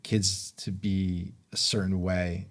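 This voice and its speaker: A man hosting a casual interview, speaking in a measured, affirming, encouraging way. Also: low-pitched, level tone. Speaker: host.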